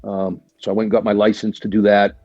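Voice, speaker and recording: A man's voice: fairly low pitch, fast, dry recording, lo-fi sound, faint music behind. A man, a guest in a casual interview, telling stories chattily with plenty of swearing and "right?" after each point. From Boston area, USA. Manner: chatty and animated, swears freely, leans on "right?" and "like". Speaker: guest, military veteran.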